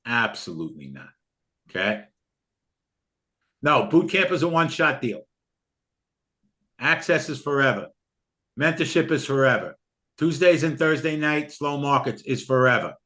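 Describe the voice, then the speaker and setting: Earnest man pitching a course. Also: big pitch swings, measured pace, long pauses, bright, forceful tone. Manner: emotional, earnest, repetitive. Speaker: trading educator. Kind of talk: live sales pitch for a course.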